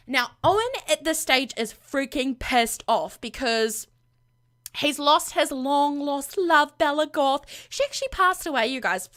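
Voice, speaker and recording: A woman's voice: high voice, measured pace. A woman gaming vlogger animatedly retelling her game household's drama in a casual, gossipy way. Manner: animated, gossipy, full of fillers.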